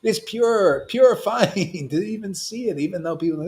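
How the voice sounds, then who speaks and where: A man preaching informally to his followers, in a voice that sits a little high for a man. He is animated and provocative, jumping from loud outbursts to near-whispered asides, with frequent laughter. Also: normal speed, hardly any pauses. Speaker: spiritual teacher.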